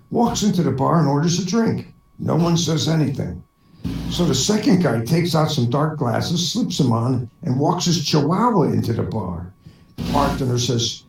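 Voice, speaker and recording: A man's voice: fairly high pitch, vocal fry, a little mellow. Man laughing at his own bar jokes. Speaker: stand-up comedian. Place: online voice chat room. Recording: echoey room from far off.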